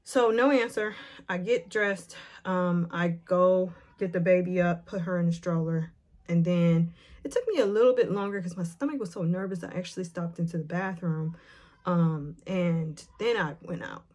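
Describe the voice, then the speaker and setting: A woman vlogger retelling a painful memory, emotional and nervous, with halting speech full of fillers and restarts. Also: lowish voice, darkish tone. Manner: retells scenes by acting out the quotes. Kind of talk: personal storytelling to camera.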